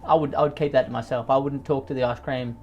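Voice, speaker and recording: A man doing comedic commentary on read-out posts, reacting in exaggerated rants with sudden loud outbursts. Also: medium pitch, fairly even intonation, quick pace, muffled recording, soft background music.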